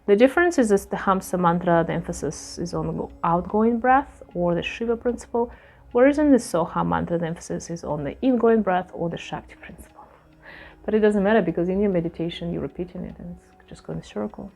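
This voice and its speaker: A yoga teacher reads scripture aloud, then loosely explains it in her own words with plenty of pauses and fillers. Her voice is fairly low, creaky, and darkish in tone.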